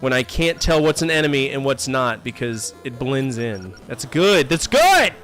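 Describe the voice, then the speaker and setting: A man's voice: mid-range voice, moderate pace, a bit bright. A man in his thirties streaming a game live, joking, complaining sarcastically and chatting with viewers. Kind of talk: live gameplay commentary. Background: faint game music.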